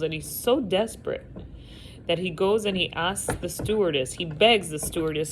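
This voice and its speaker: A woman teaching a class, telling a story with lively delivery over a video call from home. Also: on the low side, moderate pace, noisy background. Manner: animated storyteller, acting out quotes.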